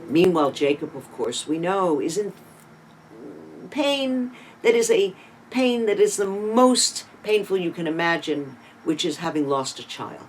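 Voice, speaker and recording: A Torah teacher retelling a scripture story in a sermon, building drama with sudden swings in loudness and emphasis, and adding asides and rhetorical questions. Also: mid-range voice, animated, a little slow, slight background noise, poor audio.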